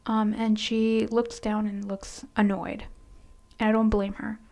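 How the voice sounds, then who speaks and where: A quiet, soft-spoken woman telling a casual storytime about her work, hesitant and sometimes sinking into near-whispers. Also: medium pitch, flat delivery, a little slow, gravelly. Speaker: storytime vlogger.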